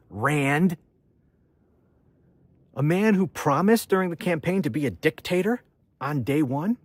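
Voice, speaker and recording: A man's voice: fairly high pitch, animated, a little slow, long pauses, slightly rough, no room sound. A man, a political commentator, delivering an angry, accusatory rant with repeated refrains.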